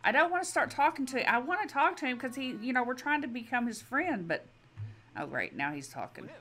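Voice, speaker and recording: A woman's voice: high voice, sing-song, brisk, fairly bright tone. A woman giving casual let's-play commentary, chatty and exasperated as she pleads with the characters in her game. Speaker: gaming video creator.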